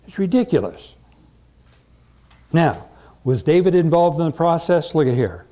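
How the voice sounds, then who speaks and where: Lively, emphatic male preacher. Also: a little high, a little slow. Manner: emphatic, repeats rhetorical questions. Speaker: pastor. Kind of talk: sermon.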